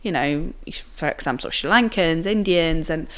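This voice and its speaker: A woman's voice: deep voice, moderate pace, smooth. Chatty young woman. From Italy. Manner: chatty, many fillers and acted quotes. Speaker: guest. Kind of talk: casual interview storytelling.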